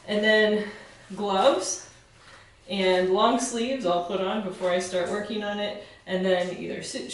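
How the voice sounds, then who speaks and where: A woman's voice: on the low side, recorded from a distance. A woman giving a casual home demonstration, explaining each step in a friendly, plain way with some fillers and restarts. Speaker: soap-making instructor. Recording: very echoey room, voice from away from the mic.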